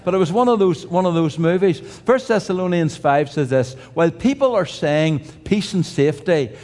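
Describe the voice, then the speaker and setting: A man's voice: fairly high pitch, darkish tone. An older man preaching a sermon in a conversational way, with restarts and humorous asides. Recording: reverberant hall.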